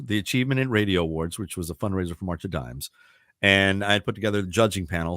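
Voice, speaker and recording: A man from the Baltimore area, a radio broadcaster telling stories in a casual interview, chatty and quick to laugh. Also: fairly low pitch, fairly bright tone, dry recording, clean studio sound. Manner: chatty storyteller, laughs often, many restarts.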